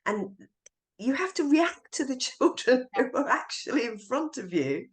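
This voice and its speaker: A middle-aged woman, a teacher trainer, being interviewed on a podcast and telling classroom stories in a lively way. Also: high voice, measured pace. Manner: lively storyteller acting out classroom voices.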